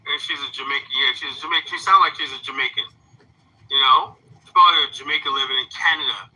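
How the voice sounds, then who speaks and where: A man's voice: fairly high pitch, pushed and bright, slightly rough, rough recording. A man giving heated commentary, firing off blunt rhetorical questions and repeating himself. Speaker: commentator in a played clip. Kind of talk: heated commentary reacting to a clip.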